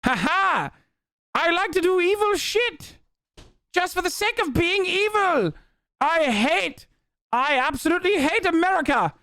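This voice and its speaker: A man voicing a cartoonish, monocled male villain who is gleefully evil, in a high, theatrical voice with a transatlantic accent. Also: lively intonation, measured pace, bright, forceful tone, no echo, heavily acted. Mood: gloating.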